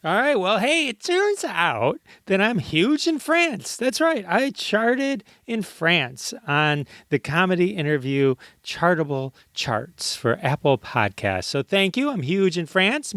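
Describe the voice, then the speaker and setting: A man's voice: high-pitched, sing-song, takes it slowly, fairly bright tone, no echo, studio quality. A man hosting his own comedy podcast, talking in a jokey, playful way with mock-ad patter. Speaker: podcast host.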